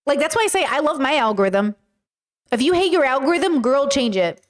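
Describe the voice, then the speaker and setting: Giggly higher-pitched woman streamer. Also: very animated, fairly quick. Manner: giggly, jokey, talks to chat. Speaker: streamer reacting to videos. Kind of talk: casual livestream chat.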